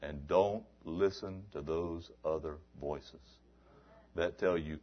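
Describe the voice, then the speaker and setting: A low-voiced man preaching a fiery sermon, slipping from hushed, dropped asides into loud shouted appeals. He presses his point with repeated rhetorical questions. The recording is dull and lo-fi. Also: slow. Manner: swings from low murmurs to loud shouted exhortation.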